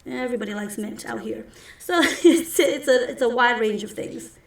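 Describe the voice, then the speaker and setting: Gravelly woman running a tabletop game. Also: fairly high pitch, normal speed. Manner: rambling, chatty, laughing. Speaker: game master. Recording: roomy echo from a distant mic.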